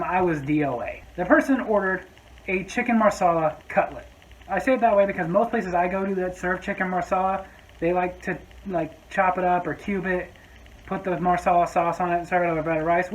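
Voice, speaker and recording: In this vlog storytime monologue, a man recounts an episode from his restaurant job, tossing in sarcastic, exasperated asides. His voice sits high, and the audio quality is poor.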